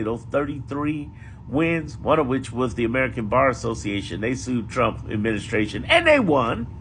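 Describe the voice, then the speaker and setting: A man's voice: fairly high pitch, a little hiss or hum. A man giving casual political commentary, emphatic and profane, repeating his points for effect.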